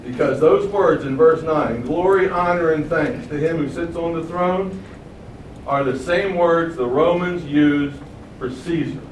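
A man preaching a sermon, asking rhetorical questions and booming out quoted acclamations. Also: unhurried, echoey room, recorded from a distance, slight background noise, rough recording.

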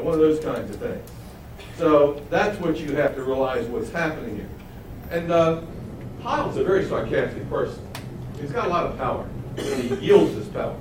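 Echoey distant male preacher. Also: mid-range voice. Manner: animated, rhetorical questions to the audience. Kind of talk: sermon, verse-by-verse Bible teaching. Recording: echoey room heard from a distance, faint noise.

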